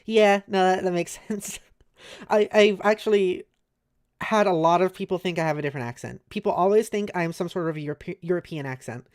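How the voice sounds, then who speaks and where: An American woman streaming, chatting casually with viewers; she talks fast, slurs her words a little and fills her speech with "like". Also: lowish voice, a little mellow. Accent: American, maybe New England. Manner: reassuring, chatty, lots of "like" fillers. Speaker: streamer reading a webcomic aloud.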